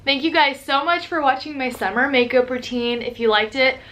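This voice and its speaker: A woman's voice: sits high, steady tone, moderate pace, fairly bright tone. Young woman, upbeat beauty vlogger, casual tutorial chat. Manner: chatty, upbeat, says "like" often.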